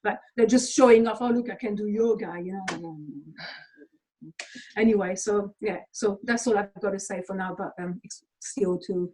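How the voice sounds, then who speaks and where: A woman's voice: mid-range voice, fairly even intonation, normal speed, warm tone, rough recording. A woman from England, speaking as an interview guest in a blunt, sweary, emphatic rant. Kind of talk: casual conversational rant.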